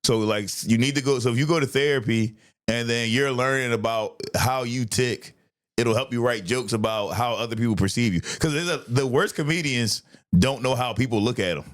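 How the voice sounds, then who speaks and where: A man hosting a podcast, chatting casually and telling stories in a profane, animated way. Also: mid-range voice, a little fast. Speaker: podcast host, comedian. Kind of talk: casual chat.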